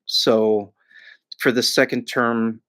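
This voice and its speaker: A man speaking as a podcast guest in casual chat, measured and hedging, with repeated filler words. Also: medium pitch, level tone, a bit bright, clear, resonant tone.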